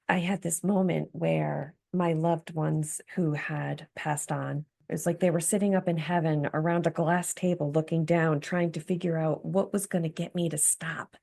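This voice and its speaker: A woman's voice: low-pitched, vocal fry, dark tone. A woman guest, an empowerment coach, telling her personal story of recovery in an earnest, reflective way. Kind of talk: candid personal story in interview.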